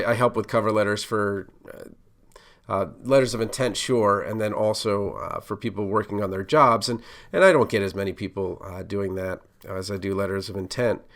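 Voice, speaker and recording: With a lowish, slightly bright voice, a middle-aged man who is a pharmacist gives career advice on his solo podcast. He talks casually, with plenty of fillers and restarts.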